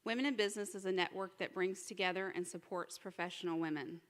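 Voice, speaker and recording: A woman with a fairly low voice delivers a formal welcome speech at a measured pace. Her words carry through a large hall with a long reverb. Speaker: committee chair giving a welcome.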